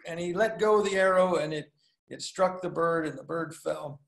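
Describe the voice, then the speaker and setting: A man preaching a sermon as a pastor, telling a story with halting pauses and fillers, lifting his voice for the dialogue. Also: high-pitched, steady tone, creaky, reverberant. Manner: storytelling, acts out dialogue with lifted voice; halting, many fillers and restarts. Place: recorded for a video call.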